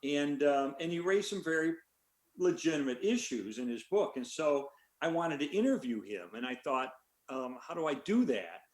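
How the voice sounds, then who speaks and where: A man's voice: fairly high pitch, moderate pace, roomy sound. Older man telling a rambling story. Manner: relaxed, rambling with many fillers. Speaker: author answering questions. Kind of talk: conversational storytelling.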